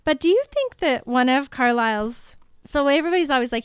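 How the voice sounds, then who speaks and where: A woman co-hosting a casual chat, enthusiastic and quick to laugh. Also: high-pitched, lively intonation, no echo, studio quality. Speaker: podcast co-host.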